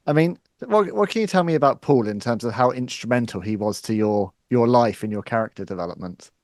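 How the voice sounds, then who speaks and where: A man's voice: medium pitch, expressive, a little fast, a little mellow, no echo. Male host, eager, stammering restarts, dry close mic. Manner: eager, stumbles over words when asking questions. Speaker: podcast host. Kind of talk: interview questions.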